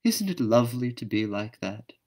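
A man's voice: medium pitch, big pitch swings, moderate pace, a little mellow, voice pushed up. A man voicing a vain male nightjar bird who speaks in a pompous, self-satisfied way. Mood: smug.

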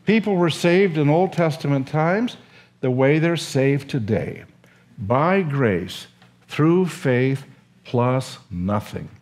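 Older man telling a story, very lively. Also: mid-range voice, takes it slowly. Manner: animated, emotional storytelling with acted quotes. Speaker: seminary professor. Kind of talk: storytelling lecture.

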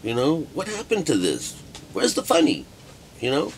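A man's voice: mid-range voice, wildly swooping pitch, moderate pace, noisy background. A middle-aged man and art teacher talking in a rambling, profane monologue packed with fillers.

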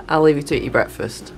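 A British woman vlogging at home, chatting straight to her viewers in a relaxed way. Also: low voice. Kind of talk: casual home vlog.

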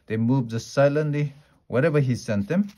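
A man reading a fantasy novel aloud, unhurried, now and then tripping over a word and restarting. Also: mid-range voice, dark tone. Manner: unhurried, with small slips and restarts. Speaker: storyteller.

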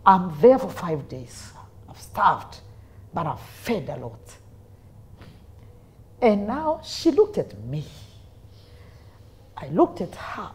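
Lively Kenyan woman telling her story. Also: lowish voice, slow pace, long pauses. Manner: dramatic, lively storyteller who mixes in Swahili phrases. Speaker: guest. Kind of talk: personal faith testimony in an interview.

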